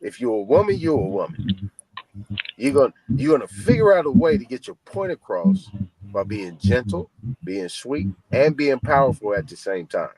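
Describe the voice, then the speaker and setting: A man from California argues on a live-stream debate panel. His pitch swings widely as he makes his points emphatically, sometimes acting out what others said. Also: moderate pace, husky, rough recording. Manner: emphatic, animated, mimics others.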